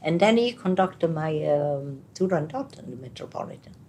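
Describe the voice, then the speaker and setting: An older woman with an Italian accent, speaking as an interview guest in a casual, animated way, with halting English and many restarts. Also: low voice, slight background noise. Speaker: interviewee, retired opera singer. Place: home apartment.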